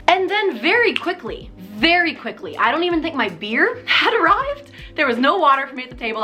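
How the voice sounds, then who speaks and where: A woman's voice: sits high, bright, forceful tone. A woman in her twenties telling a dating story to camera, acting out both sides of the conversation. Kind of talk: storytime vlog.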